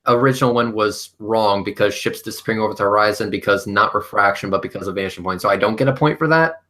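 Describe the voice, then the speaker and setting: A man's voice: on the low side, fast talker, sharp tone. A man chatting casually in a group, profane and exasperated as he bickers over claims. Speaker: panel participant debunking claims.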